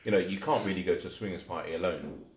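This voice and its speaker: A man's voice: sits low, fast talker, roomy sound, a little hiss or hum. A man co-hosting a casual podcast, rambling and stumbling through a long story. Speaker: podcast co-host.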